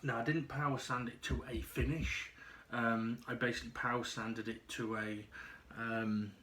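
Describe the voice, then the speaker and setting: Man vlogging at home, out of breath, stop-start delivery full of ums, mid pitch. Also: flat delivery, a bit bright. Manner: halting, pausing often with ums and restarts. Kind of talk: casual personal video diary.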